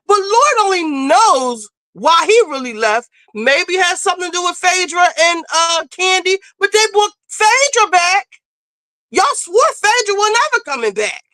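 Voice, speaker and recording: A woman's voice: extremely high pitch, sharp tone, no room sound. A woman hosting a casual commentary stream, talking bluntly and emphatically with plenty of profanity as she lectures. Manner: emphatic, scolding. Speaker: streamer host.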